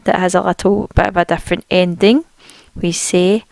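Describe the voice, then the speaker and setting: A woman teaching a spoken language lesson, saying each word slowly and repeating it clearly for learners. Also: lowish voice, fairly even intonation, a little mellow, dry recording.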